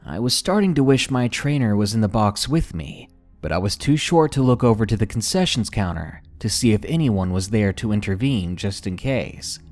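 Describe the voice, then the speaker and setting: A man narrating true scary stories in scripted, expressive storytelling. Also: fairly low pitch, normal speed, faint music behind.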